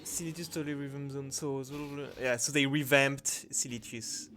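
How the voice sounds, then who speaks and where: A man commenting on his gameplay, reading patch notes aloud in non-native English phrasing and breaking into excited exclamations. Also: medium pitch, normal speed. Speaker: channel host. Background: background music.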